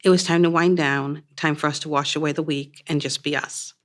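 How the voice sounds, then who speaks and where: A woman reading her own first-person story aloud in a measured, plain storytelling manner. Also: low voice, steady tone.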